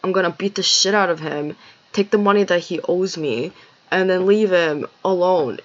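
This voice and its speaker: A woman's voice: lowish voice, normal speed, highs cut off. A woman telling a long, rambling story in a casual monologue, swearing often and sounding agitated.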